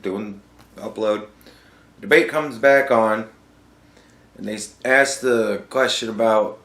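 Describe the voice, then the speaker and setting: A man's voice: a little high, a bit bright. Profane, incredulous man ranting in an echoey room. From United States. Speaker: podcast host. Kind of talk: casual ranting monologue.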